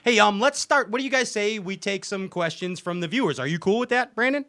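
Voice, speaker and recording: A man's voice: high-pitched, lively intonation, brisk, pushed and bright, no echo. A man hosting a show, playful and goofy, riffing on jokes between viewer questions. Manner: goofy, laughing, bounces between bits. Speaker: host.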